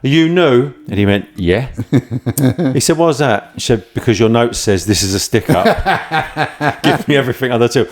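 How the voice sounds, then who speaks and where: A man's voice: mid-range voice, animated, moderate pace. A man telling rambling anecdotes in casual chat, often laughing and acting out voices. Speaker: podcast host and former firefighter.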